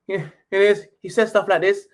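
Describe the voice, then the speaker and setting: High-voiced British man ranting about football. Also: fairly even intonation, normal speed. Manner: ranting, sarcastic, switches to a posh reading voice for quotes. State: slightly sniffly. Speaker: football channel host. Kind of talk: casual live stream commentary.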